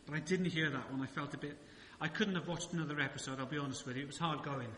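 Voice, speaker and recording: A man's voice: a little high, fairly even intonation, fast talker, a bit bright, slight background noise. A male pastor preaching a sermon in a church, chatty and joking, with many rhetorical questions. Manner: conversational preaching with rhetorical questions and humorous asides. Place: church sanctuary. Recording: echoey church hall reverb.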